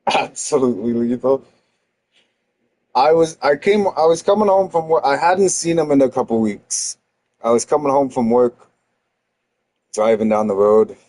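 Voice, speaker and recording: A man's voice: medium pitch, lively intonation, normal speed, pauses often, a little mellow, low-quality recording. Heated young man telling a story. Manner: heated, swears a lot, restarts often. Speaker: streamer. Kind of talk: casual storytelling to chat.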